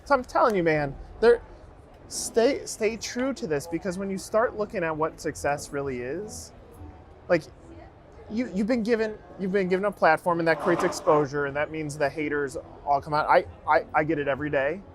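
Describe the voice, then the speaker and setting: A man's voice: a little high, normal speed, background noise. A man hosting a podcast, talking to his guest in an earnest, encouraging way. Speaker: podcast host. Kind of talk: casual interview chat.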